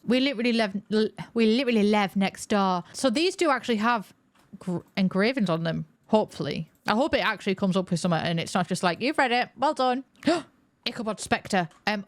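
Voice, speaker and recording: A woman giving chatty, excitable let's-play commentary, thinking aloud as she plays. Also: medium pitch, no echo. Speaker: gaming video creator.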